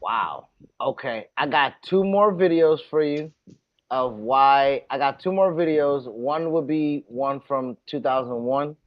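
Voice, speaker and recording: A man co-hosting a podcast in casual chat, animated and profane, often repeating himself. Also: medium pitch, unhurried, no echo, muffled recording. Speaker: podcast co-host.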